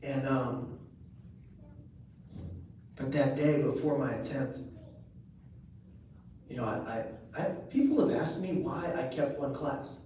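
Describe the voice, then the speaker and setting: A man giving a live speech at an event, telling a personal story with dramatic swings between loud and hushed delivery. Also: mid-range voice, animated, slow pace, pauses often. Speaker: motivational speaker. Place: event venue, indoors. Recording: echoey room recording from far off, faint hiss.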